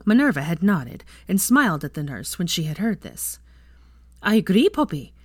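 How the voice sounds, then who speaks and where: A woman reading fan fiction aloud with an expressive reading voice. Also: fairly low pitch, normal speed, dry recording, clean studio sound.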